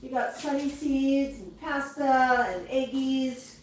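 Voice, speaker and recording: A woman hosting a casual livestream, talking softly and coaxingly to her pet parrots between reading viewer comments. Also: high-pitched, takes it slowly. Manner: soothing baby-talk to her parrots. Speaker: parrot keeper and livestream host. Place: indoor room with parrots. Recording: echoey room, heard from a distance. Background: faint noise and birds.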